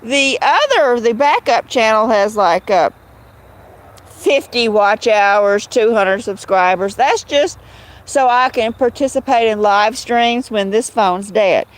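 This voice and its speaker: A woman's voice: on the high side, animated, takes it slowly. A woman with a Southern US accent hosting a casual livestream, rambling, greeting viewers by name and laughing often. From Southern United States. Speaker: livestream host.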